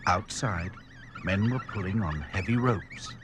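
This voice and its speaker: A man narrating a children's cartoon story in a gentle, unhurried way, with music underneath. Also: low-pitched, lively intonation, noisy background.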